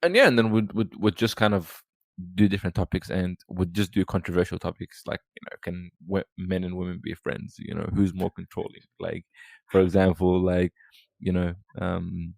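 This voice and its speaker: A podcast guest, talking casually and rambling with lots of fillers and restarts. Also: male voice, low-pitched, steady tone, moderate pace, vocal fry, no echo. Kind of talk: casual chat.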